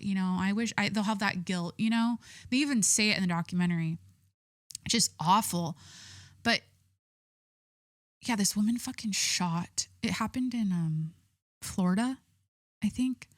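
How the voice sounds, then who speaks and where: A woman's voice: mid-range voice, normal speed, pauses often, no echo, studio quality. A young adult woman hosting a podcast solo, chatting casually in a rambling way full of fillers and frequent swearing. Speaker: podcast host.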